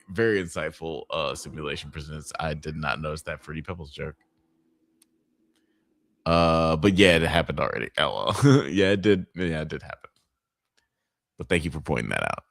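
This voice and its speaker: A man's voice: very deep voice, moderate pace, gravelly, pauses often, fairly bright tone, no echo. A man hosting a podcast live watch party, chatting casually and profanely, groaning and laughing at gory scenes. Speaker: podcast host.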